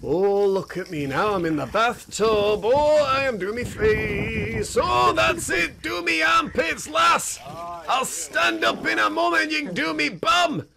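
Cheeky excitable bear, voiced by a man for comic animal voice-over: very high, bouncy and sing-song, drawled out slow. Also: creaky, slight background noise, exaggerated voice. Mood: bossy. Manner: sing-song, giddy, bossy teasing. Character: cheeky excitable male bear, playful and rude.

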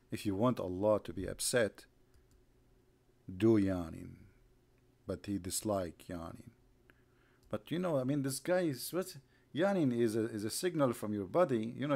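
Sarcastic man mocking in live commentary. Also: mid-range voice. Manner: sarcastic, mocking, breaks into loud laughter; rhetorical, repeats himself. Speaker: online religious debater hosting a live broadcast.

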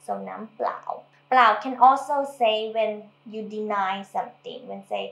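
A woman's voice: medium pitch, huge pitch swings, a bit bright. Woman teaching language in an echoey room. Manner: explains patiently, repeating and modelling words slowly. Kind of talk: casual language lesson.

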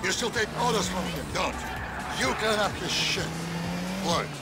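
An actor playing a smooth, menacing foreign businessman in a video game, with a condescending, insinuating delivery. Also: sits high. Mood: scheming. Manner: condescending, insinuating, slow deliberate phrasing. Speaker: game character. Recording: game audio under loud music.

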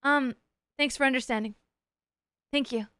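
A woman's voice: high voice, steady tone, moderate pace, pushed and bright, clean tone, no room sound, clean studio sound. A woman streamer chatting casually with her live chat, playful and teasing, swearing freely. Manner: playful, crude, swears a lot, teases chat.

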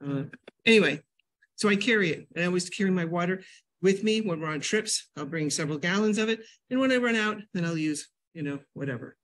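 An older woman from New England giving a casual health talk at a library, a chatty, animated storyteller. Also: on the low side, a little fast. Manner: chatty, animated storyteller with sudden loud jumps and laughs. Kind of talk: casual lecture with personal stories.

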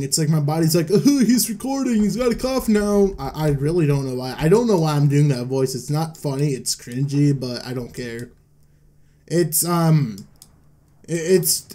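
A man's voice: on the high side, warm tone. A young man rambling through casual gameplay commentary at home, self-deprecating and trailing off, holding back coughs while his voice cracks. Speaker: gaming YouTuber. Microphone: desk mic.

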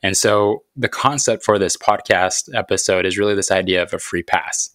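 A man's voice: low voice, steady tone, fairly bright tone, no room sound, studio quality. A man in his thirties, a podcast host telling a personal story about faith and parenting in an earnest, reflective way. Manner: earnest, reflective, unhurried, with thoughtful pauses.

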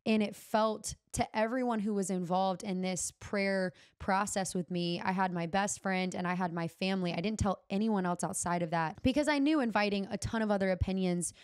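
Young adult woman, podcast host; heartfelt personal storytelling, mid pitch, dry close mic. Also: moderate pace, hardly any pauses, smooth, dry recording. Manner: earnest, heartfelt, uses Southern "y'all".

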